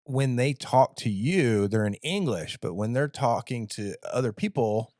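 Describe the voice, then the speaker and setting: A man's voice: mid-range voice, a little slow, no echo, studio quality. A man who flies as an airline pilot, chatting casually and acting out radio calls. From United States. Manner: relaxed storytelling, acts out radio calls. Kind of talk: casual chat.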